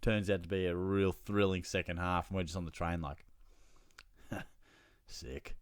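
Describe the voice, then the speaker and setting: A young Australian man chats to his audience as the host of his own show, loose and animated, swearing freely and acting out what other people said. His voice sits fairly low, and the recording is dry with no room sound. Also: normal speed, clean tone, no room sound. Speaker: fantasy football show host. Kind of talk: casual storytelling vlog.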